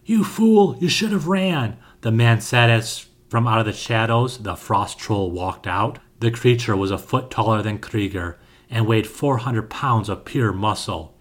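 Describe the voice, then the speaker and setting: A man narrating a scripted fantasy story with a steady, dramatic reading. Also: fairly low pitch, unhurried.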